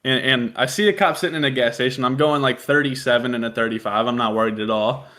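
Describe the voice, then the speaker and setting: A man's voice: medium pitch, fast, a bit bright. A young man co-hosting a casual podcast, telling a story with a swearing, self-mocking humor. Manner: storytelling, laughs at himself, swears freely. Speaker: podcast co-host. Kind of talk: casual chat.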